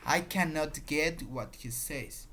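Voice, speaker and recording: Slow teacher. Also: medium pitch, fairly bright tone, a little hiss or hum. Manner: repeats patterns, explains with examples. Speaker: English teacher. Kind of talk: grammar lesson.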